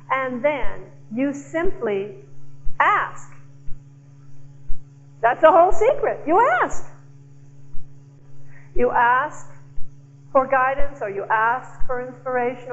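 A woman speaker giving a slow, emphatic inspirational talk to a church audience, teasing the crowd now and then. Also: sits high, muffled recording. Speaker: guest speaker.

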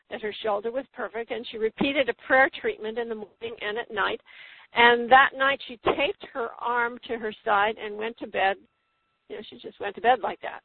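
A woman's voice: a little high, dry recording. A woman guest telling a healing story in a phone-in radio interview, emphatic, acting out quotes with a rising voice. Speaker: guest, spiritual healer. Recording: tinny phone line, dry.

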